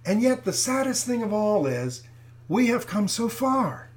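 A man's voice: high-pitched, big pitch swings, a little slow. An older man giving an emphatic, preaching commentary, repeating his phrases and calling his listeners folks. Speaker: Christian commentator.

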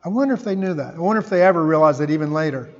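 A man's voice: on the high side, very fast. A man preaching a sermon, reading scripture aloud with dramatic emphasis and explaining it. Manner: expressive Bible reading, dramatic emphasis on quotes. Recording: dull sound with long hall reverb.

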